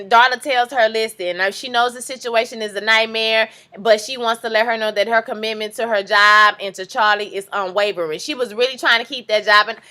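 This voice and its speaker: A woman with a bright, forward voice that sits a little high. She recaps a TV episode in a relaxed, lively way. She talks straight to her viewers. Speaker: TV recap vlogger.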